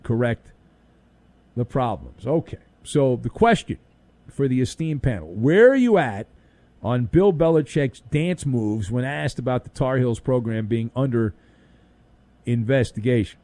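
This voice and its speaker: A man's voice: a little high, a little mellow, no echo. A man hosting an overnight sports talk radio show, delivering a sarcastic, punchy monologue into a studio microphone.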